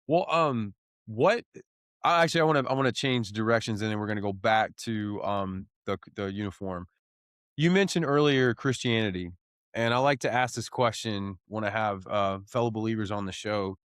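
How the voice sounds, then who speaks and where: A man hosts a podcast and puts long, carefully framed questions to his guest. His voice sits on the low side. The recording is close and dry. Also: a bit bright, dry recording. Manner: measured, asks long framing questions. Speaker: podcast host. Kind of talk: interview questions.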